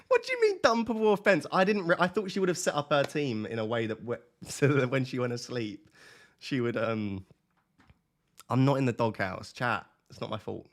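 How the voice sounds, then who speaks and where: A man streaming live and talking straight to his chat. His pitch swings widely as he laughs, jokes and reads out comments in a loose, casual way. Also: expressive, moderate pace. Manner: laughing, teasing, reading chat aloud.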